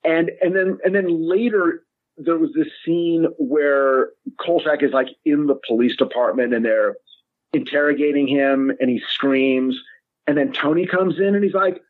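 A man's voice: on the high side, normal speed, dry recording. A screenwriter guest on a podcast, a man talking animatedly, with frequent restarts. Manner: animated, restarts often and acts out quoted lines. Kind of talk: casual podcast discussion. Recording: tinny phone-like remote line.

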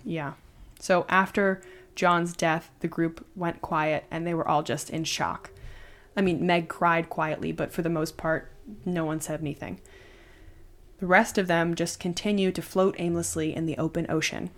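Lower-voiced woman telling a story. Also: normal speed. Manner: conversational, animated retelling with fillers. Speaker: podcast host. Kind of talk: casual storytelling.

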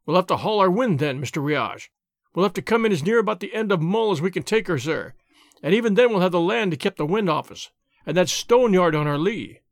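A man's voice: sits high, lively intonation, a little fast, no room sound, studio quality. A man voicing a harried, blunt sea captain in an audiobook reading, urgent and clipped.

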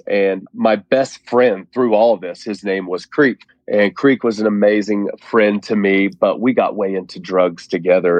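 Earnest low-voiced man. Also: a little mellow, no room sound, dull audio. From Oklahoma. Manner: earnest, heartfelt storytelling. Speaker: guest. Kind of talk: personal testimony in an interview.

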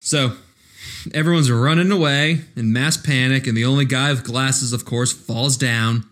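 A man's voice: mid-range voice, fairly even intonation, normal speed, fairly bright tone. A man co-hosting a casual movie podcast, joking and laughing as he retells scenes. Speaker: podcast co-host. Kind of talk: casual movie-discussion chat.

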